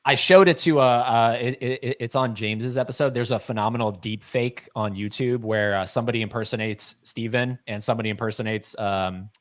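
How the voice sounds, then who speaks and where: A man's voice: mid-range voice, steady tone, brisk, few pauses. Rambling male podcast co-host. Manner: rambling, many fillers and restarts. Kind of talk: casual live-stream chat.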